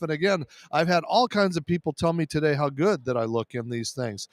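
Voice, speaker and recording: Tired high-voiced male radio host. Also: a little fast, hardly any pauses, no room sound. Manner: chatty, rambling with fillers. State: tired, losing his voice. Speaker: show host. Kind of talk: live radio show sign-off with sponsor reads. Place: busy media row at a sports event.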